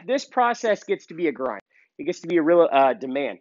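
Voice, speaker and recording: A male dog trainer with a raised, lively voice talks through a hands-on lesson in an easygoing way. He stops now and then to bark out sharp, high commands to the dog. The sound is dull and dry, like a lo-fi outdoor video. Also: moderate pace, dry recording.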